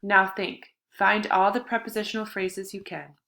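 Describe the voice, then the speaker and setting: A woman's voice: medium pitch, flat delivery, moderate pace, pushed and bright. A woman reading an audiobook, voicing a bossy, mocking old grandfather who speaks as a ghostly voice. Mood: coaching. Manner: gruff, mocking, bossy coaching. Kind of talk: audiobook character voice.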